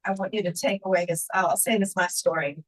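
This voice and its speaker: A woman's voice: lowish voice, steady tone, fast. A woman in her fifties, a conference speaker candidly telling a personal testimony, close to tears at times. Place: large conference hall. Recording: echoey hall.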